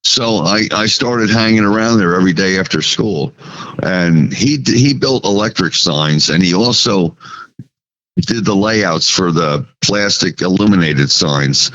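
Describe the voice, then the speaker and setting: A man's voice: low voice, fairly bright tone, dull audio. A man from New Jersey, a sign painter, recalling his early days as a podcast guest and acting out the dialogue in his story. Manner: recounts memories, acting out quoted dialogue. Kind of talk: casual storytelling.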